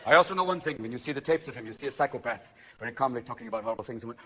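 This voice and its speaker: A man doing a stand-up comedy routine, manic, swinging between shouts and hushed asides, recorded live on stage. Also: mid-range voice, expressive, racing, noisy background.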